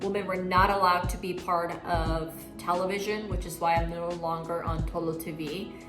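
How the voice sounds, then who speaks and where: A woman's voice: lowish voice, fairly even intonation, normal speed. A young woman giving a personal year-recap monologue, candid, outspoken and emotional. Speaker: vlogger. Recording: echoey room with music underneath.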